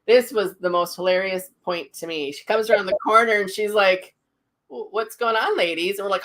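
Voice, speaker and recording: A woman hosting a casual chat, vividly retelling a story and acting out the voices in it. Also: moderate pace. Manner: animated retelling, acts out quotes with big pitch jumps. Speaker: host, psychic medium.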